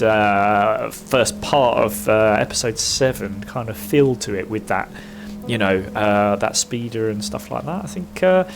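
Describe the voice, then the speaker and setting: A man's voice: mid-range voice, creaky. A man casually commenting on his gameplay in a chatty, self-mocking way, with lots of fillers and bits of humming. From United Kingdom. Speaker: gaming streamer.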